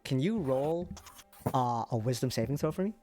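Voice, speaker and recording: A casual man running a tabletop game, narrating in a halting, loose way full of "like" and "um". Faint music plays underneath. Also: mid-range voice, expressive, dark tone. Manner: casual, halting, many fillers. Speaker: game master.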